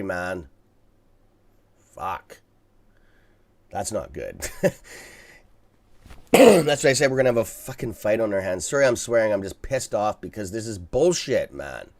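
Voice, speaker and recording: A man's voice: medium pitch, a little mellow. A man hosting a live stock market stream, talking casually and bluntly to his viewers, swearing freely and checking in with "okay?" as he rambles through restarts. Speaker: livestream stock trading host.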